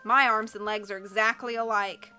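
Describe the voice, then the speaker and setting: Woman reading as a glum carnival man in a storybook, wry and complaining, bright tone. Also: medium pitch, fairly even intonation, normal speed, smooth, faint music behind.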